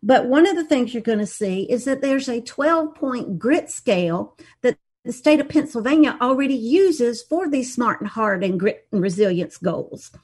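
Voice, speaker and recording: A woman's voice: on the high side, lively intonation, moderate pace, hardly any pauses, a little mellow, husky. A woman guest on a political talk show, explaining education policy in a sarcastic, explaining way over a remote call.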